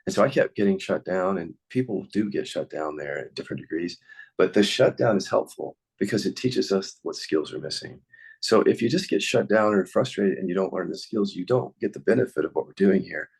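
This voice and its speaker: Low gravelly man teaching. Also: lively intonation, a little fast, a little mellow, rough recording. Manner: earnest, encouraging, plain-spoken. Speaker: somatic inquiry teacher. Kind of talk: casual podcast teaching.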